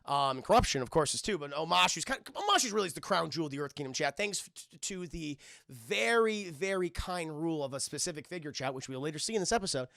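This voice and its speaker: Gravelly high-voiced man chatting to his stream. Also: animated, fast talker, hardly any pauses, sharp tone, no echo, clean studio sound. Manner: rambling, profane, often addresses chat. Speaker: streamer reviewing a cartoon. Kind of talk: casual live-stream commentary.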